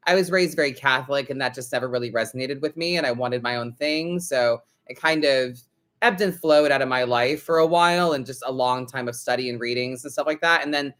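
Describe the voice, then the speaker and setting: A man's voice: mid-range voice, brisk, fairly bright tone. A man hosting a live tarot stream, talking in a loose, chatty way full of "like" fillers, casual swearing and frequent laughter. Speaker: tarot reader, host.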